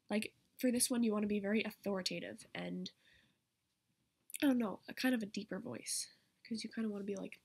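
A woman's voice: medium pitch, steady tone, moderate pace, vocal fry, a little mellow, breathy edge. A woman vlogger rambling casually as she explains how to do character voices. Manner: rambling, chatty.

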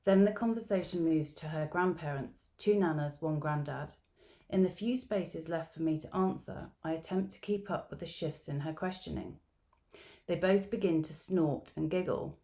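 A middle-aged woman researcher reading a field-note narrative aloud at an academic symposium, in a measured, reflective storytelling manner. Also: deep voice, mellow. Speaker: education researcher presenting at a symposium.

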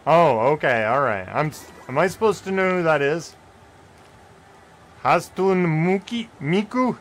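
A young man streaming a game live, chatting casually with viewers and yelping and shouting when plays get close. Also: on the high side, a little fast. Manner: excitable, yelps and shouts at close plays, joking with chat. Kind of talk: casual live gameplay commentary.

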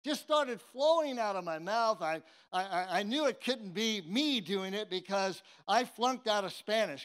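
High-voiced man preaching with humor. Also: a bit bright. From San Jose, California, US. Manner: humorous, tongue-in-cheek storytelling; conversational, with frequent restarts. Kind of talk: sermon with personal storytelling.

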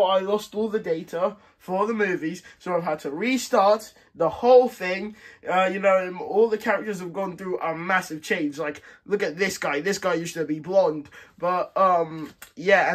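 A man's voice: sits high, moderate pace, few pauses, fairly bright tone. A man hosting his channel, introducing his homemade movie in a rambling, casual way. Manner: rambling, filler-heavy. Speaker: channel host.

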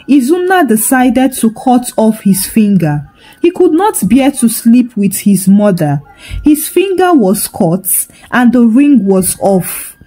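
A woman's voice: fairly high pitch, warm tone, rough recording. A woman narrating a folktale in a dramatic storytelling manner.

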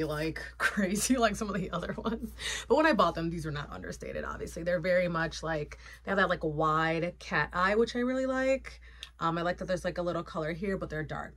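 A woman's voice: medium pitch, a bit bright. A woman vlogger chatting casually and playfully, with lots of fillers, about her sunglasses collection. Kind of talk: casual haul chat.

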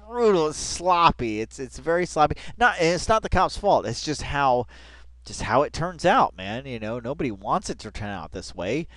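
Casual, excitable male reaction host, dry close sound, midrange voice, talking into a headset at home, constant "dude"s and bursts of laughter. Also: medium pitch, vocal fry, no room sound.

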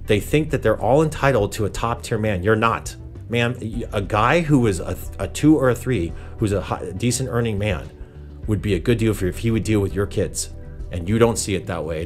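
A man hosting a reaction commentary show, talking in a sarcastic, exasperated way and addressing people as ma'am. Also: fairly low pitch. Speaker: commentary channel host.

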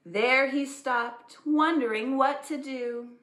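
A woman librarian reading aloud at a preschool storytime, animated, gently asking children questions. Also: high-pitched, slow. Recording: echoey room.

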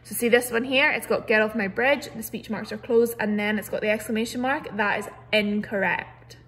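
A woman's voice: medium pitch, fairly even intonation, normal speed, fairly bright tone. A woman teacher, patiently explaining a grammar lesson over a computer mic with many "so"s and "um"s. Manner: clear, patient explaining with frequent "so" and "um". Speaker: primary school teacher. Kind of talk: recorded online grammar lesson.

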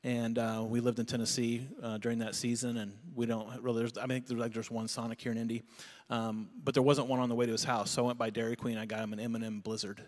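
A man's voice: medium pitch, fast talker. A middle-aged man preaching a conversational sermon as pastor, telling stories with animation. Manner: storytelling, animated when recounting. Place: church auditorium. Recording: long reverb of a church hall.

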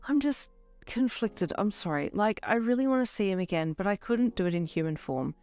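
A reader voicing a young woman who is anxious and conflicted, her voice jumping high when flustered. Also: animated, fairly quick, a little mellow, smooth, no echo, soft background music, natural voice. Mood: wistful.

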